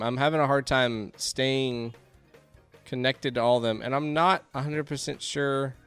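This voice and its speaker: A man giving excitable let's-play commentary, yelping and laughing as things go wrong on screen. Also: medium pitch, clear, resonant tone. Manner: excitable, yelps and laughs at chaos. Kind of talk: game commentary.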